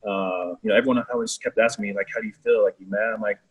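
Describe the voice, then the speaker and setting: A young man, a baseball pitcher, talking casually as a guest, with lots of "like" and "you know". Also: racing, husky, dull audio. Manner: relaxed, filler-heavy talk with many "like"s. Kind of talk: casual chat.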